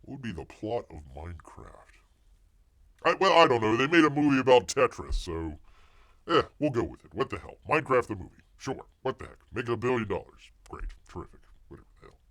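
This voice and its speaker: A man's voice: mid-range voice, sing-song, fairly quick, a bit bright. A man hosting a live stream, giving sarcastic commentary with frequent exclamations and calling himself Bear in the third person. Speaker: livestream host.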